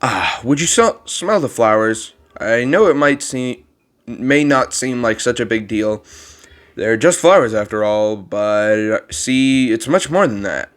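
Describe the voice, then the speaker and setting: A man's voice: mid-range voice, expressive, a little slow. A man voicing a kindly old male monster who looks after a child, talking in a formal, rambling way with a strained put-on voice. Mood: wistful. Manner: gentle, formal and fond of rambling. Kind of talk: reading game dialogue aloud.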